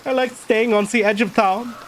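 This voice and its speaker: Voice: mid-range voice, wildly swooping pitch, a little slow, pushed and bright, a little hiss or hum, voice pushed up, full character voice, rough recording. A streamer voicing a wandering male tinker in a game, eager and thoughtful. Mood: earnest. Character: Romani man, wandering tinker, earnest. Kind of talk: game dialogue read aloud.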